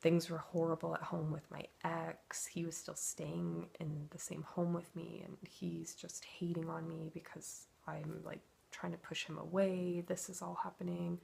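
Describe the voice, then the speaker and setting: A woman's voice: on the low side, little pitch movement, a little slow, gravelly, hardly any pauses, darkish tone, a little hiss or hum. A woman telling her own emotional story in a confessional vlog, acting out her inner thoughts as she goes. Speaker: twin flame coach.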